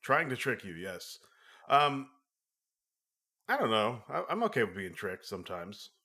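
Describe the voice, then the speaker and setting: Low-voiced man with a bright edge. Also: very animated, a little slow. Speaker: podcast co-host. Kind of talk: casual film review chat.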